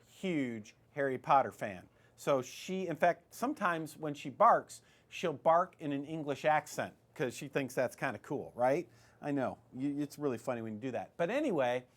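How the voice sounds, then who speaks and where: A middle-aged man hosting a radio show, talking casually and with animation, often restarting his sentences. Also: on the high side. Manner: chatty and animated, with frequent restarts.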